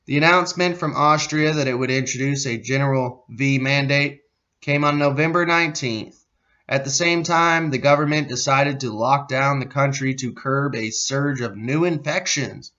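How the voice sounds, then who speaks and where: A man's voice: medium pitch, normal speed, bright, forceful tone, lo-fi sound. An American man hosting a podcast, reading a news article aloud and breaking off into sarcastic, profane commentary, sometimes losing his place. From United States. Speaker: podcast host.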